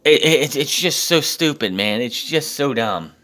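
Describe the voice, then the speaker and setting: A man's voice: medium pitch, animated, unhurried, sharp tone. A man with an ordinary mid-range voice talks through a recap casually. He swears freely and grows exasperated, slipping into mocking impressions of the people he's quoting. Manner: profane, exasperated, acts out quotes mockingly. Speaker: wrestling show reviewer. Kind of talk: casual recap with ranting commentary.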